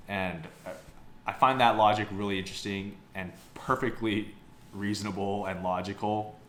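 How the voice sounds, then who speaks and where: Laid-back young male reviewer, deep voice, rambly and profane, echoey room with faint background hiss. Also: fairly bright tone. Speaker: photobook reviewer. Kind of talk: casual review chat. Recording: roomy sound with faint background noise.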